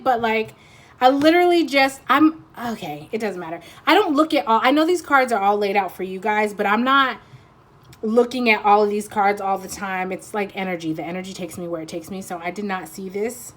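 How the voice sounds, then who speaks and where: A woman's voice: medium pitch, animated, normal speed. A woman giving a casual pick-a-card tarot reading, rambling and teasing, often breaking into laughter.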